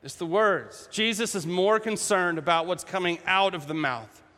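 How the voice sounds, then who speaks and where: A man preaching a sermon in a casual, humorous and animated way. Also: sits high, moderate pace. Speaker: pastor. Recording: echoey hall.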